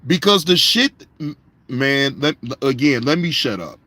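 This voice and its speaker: A man's voice: medium pitch, expressive, measured pace, sharp tone, dry recording. A man hosting a casual live-stream reaction show, speaking, profane and repetitive, addressing viewers in the chat by name.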